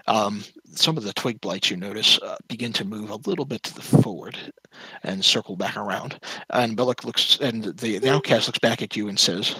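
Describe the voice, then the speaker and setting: A man running a tabletop game as game master, describing scenes in a halting way with fillers. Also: fairly low pitch, pushed and bright, breathy edge, no echo, low-quality recording.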